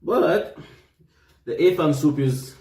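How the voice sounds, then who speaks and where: A man's voice: a little high, slow, mellow, echoey room. A young man with a Jamaican accent, chatting casually and laughing while he tastes food on camera. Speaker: vlogger. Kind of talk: casual food-tasting chat.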